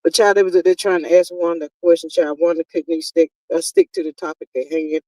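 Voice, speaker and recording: A woman's voice: on the low side, steady tone, a little mellow, no echo, distant mic, rough recording. A woman, chatting casually and exasperatedly as a live-stream commentary host. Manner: exasperated, talkative, drawn-out exclamations.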